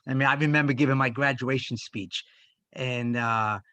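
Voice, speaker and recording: An older man reflecting in a church group discussion, speaking in a halting, heartfelt way with many pauses. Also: medium pitch, fairly even intonation, sharp tone, no echo. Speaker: discussion participant.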